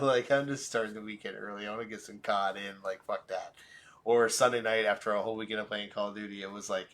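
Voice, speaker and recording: A man's voice: lowish voice, fairly even intonation, fast talker, fairly bright tone. Rambling, swearing young male podcaster. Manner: rambling storyteller, swears often, laughs at himself. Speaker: podcast co-host. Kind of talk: casual chat.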